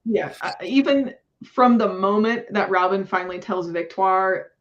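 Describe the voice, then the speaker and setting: A woman's voice: mid-range voice, measured pace, lo-fi sound. A woman hosting a casual book discussion, gushing and heavy on fillers, laughing between lines. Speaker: book club host.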